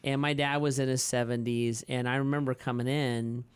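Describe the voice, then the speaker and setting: A man in his forties with a smooth, resonant voice, chatting on a podcast like a pastor talking things through. He rambles through stories with lots of fillers and restarts and laughs easily. His voice sits at an ordinary pitch and sounds dry and close. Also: little pitch movement, a little fast, no room sound. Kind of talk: casual podcast conversation.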